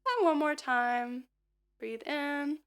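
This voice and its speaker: A woman with a hoarse, somewhat high voice chats her way through a livestream and guides her listeners in a breathing warm-up. She talks slowly and unhurriedly, drifting between thoughts with plenty of fillers and small laughs. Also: animated. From United States. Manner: rambling, with many fillers and light laughs. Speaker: singer and livestreamer. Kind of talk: casual livestream chat and vocal warm-up.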